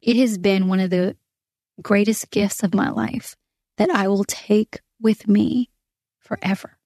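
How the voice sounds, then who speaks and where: A woman's voice: medium pitch, unhurried, dark tone, no echo, clean studio sound. A woman hosting a prayer podcast, speaking earnestly and from the heart, with some fillers and restarts. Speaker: podcast host. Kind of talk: prayer podcast, spoken prayer and reflection.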